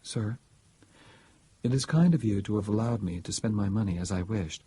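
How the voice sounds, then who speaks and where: A man voicing a calm, formal robot. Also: on the low side, moderate pace, slightly rough. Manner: formal, quiet, even. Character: polite, calm household robot, male. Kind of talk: audiobook reading.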